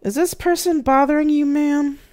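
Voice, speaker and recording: A reader voicing a protective man who speaks in a calm but deadly, commanding voice. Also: sits high, moderate pace, voice pushed up, lightly acted. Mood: icy. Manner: cold and commanding.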